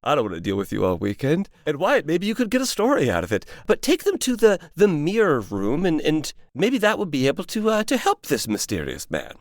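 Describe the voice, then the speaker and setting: Man playing a fussy formal warden, swooping pitch, dry close sound, halting. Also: huge pitch swings, dry recording. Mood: polite.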